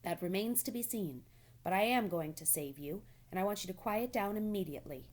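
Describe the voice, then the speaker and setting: A woman voicing a calm, wise female spider with a sweet, musical and brisk way of talking. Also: mid-range voice, natural voice.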